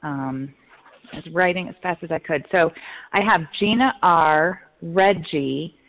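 Woman running a meeting by phone. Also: fairly low pitch. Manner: friendly, organizing, a little hurried. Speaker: meeting leader. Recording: phone line.

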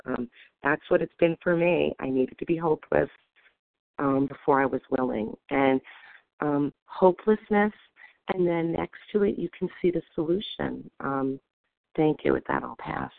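Woman with a gravelly voice, calm and reflective, sharing at a recovery meeting on a phone line. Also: deep voice, moderate pace, no echo. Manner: reflective, calm, frequent ums. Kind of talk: personal share at a recovery meeting.

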